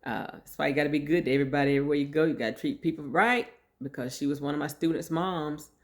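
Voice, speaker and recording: A middle-aged woman telling a personal story in a casual, lively way, acting out the voices of the people she quotes. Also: deep voice, quick pace. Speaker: vlogger sharing her story.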